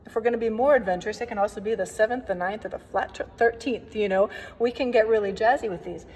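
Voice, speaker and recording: A woman's voice: medium pitch, fast talker, darkish tone, husky. Woman organist teaching in an echoing church. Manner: friendly, chatty explaining with playful asides. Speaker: organist teaching hymn playing. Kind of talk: recorded workshop lesson. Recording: long reverb, faint background noise.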